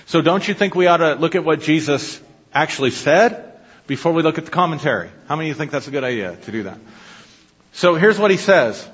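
A man's voice: fairly high pitch, lively intonation, fairly quick, a bit bright, slightly rough. A man preaching a sermon to his congregation, teaching in a conversational way and often asking them questions. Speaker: pastor. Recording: dull lo-fi audio with long hall reverb.

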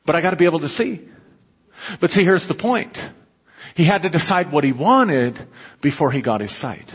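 A man's voice: fairly high pitch, lively intonation, normal speed, husky. A man preaching a sermon to his congregation in a conversational manner, breaking into emphatic, raised bursts. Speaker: pastor. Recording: dull muffled audio with long hall reverb.

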